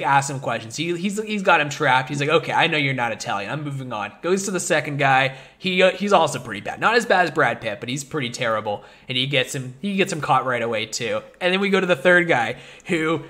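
A man hosting a casual movie podcast, rambling with lots of fillers and getting animated as he talks. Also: fairly high pitch, brisk, hardly any pauses. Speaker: podcast host.

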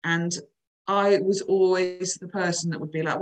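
Woman, forties, lower voice, frank chatty podcast talk. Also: normal speed, low-quality recording. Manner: chatty, frank, lively storytelling. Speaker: coach. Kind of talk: casual podcast chat.

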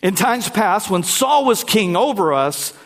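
A man pastor preaching a lively sermon, talking directly to his congregation. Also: high voice, a little slow.

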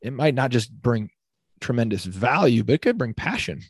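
A young man coaching fitness talks in an upbeat, rambling way, peppering his points with "like". His voice is mid-pitched and the sound is dry and close. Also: moderate pace, breathy edge, no echo. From Midwest United States. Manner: energetic, heavy use of "like". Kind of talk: casual podcast conversation.

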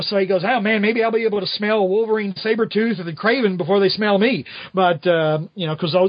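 A man's voice: fairly high pitch, dry recording. A man hosting a podcast who rambles chattily through a casual comic-book recap, filling his talk with "you know.". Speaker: podcast host. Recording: dull lo-fi audio.

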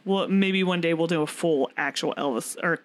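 A woman's voice: lowish voice, moderate pace. A woman hosting a podcast, telling a story in casual chat with lots of fillers and frequent laughter. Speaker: podcast host.

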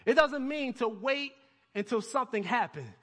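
Man, pastor, sermon, call-and-response, high voice, long hall echo. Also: normal speed. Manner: call-and-response preaching, building to excited peaks.

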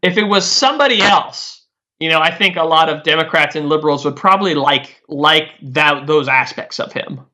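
Bright-voiced man rambling about politics. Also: fairly high pitch, normal speed. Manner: rambling, filler-heavy, restarts often. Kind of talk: casual political chat.

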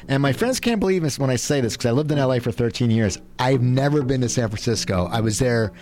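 A middle-aged man hosting a talk show in casual chat, rambling and repeating himself as he goes. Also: mid-range voice.

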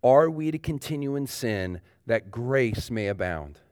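A man's voice: medium pitch, expressive, measured pace, darkish tone, clear, resonant tone, no room sound. Man preaching with emphatic repetition. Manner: loose, frequent "like" fillers and restarts. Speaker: pastor. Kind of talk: sermon. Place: church sanctuary.

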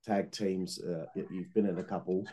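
A man's voice: low-pitched, fairly even intonation, normal speed, warm tone, slightly rough. A man hosting an interview, reading out dates and details before prompting his guest. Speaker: interviewer, host. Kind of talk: interview questions.

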